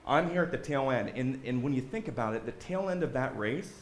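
Speaking a little fast, a man with an expressive, medium-pitched voice offers his earnest testimony to the congregation of a church sanctuary. His frequent "right?" punctuates the talk, and the recording is reverberant with a little hiss or hum.

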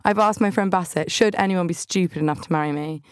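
A woman's voice: on the low side, fast, clean tone, no echo, clean studio sound. A young woman hosting a podcast, telling funny stories about her week in a bubbly, self-deprecating way. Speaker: podcast host. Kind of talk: chatty comic monologue.

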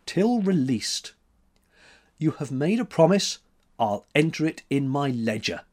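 A man's voice: very animated, a little mellow. A man voicing a spirited, defiant young woman sculptor who talks in a raised, teasing voice. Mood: playful. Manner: teasing, quick-tempered, higher voice.

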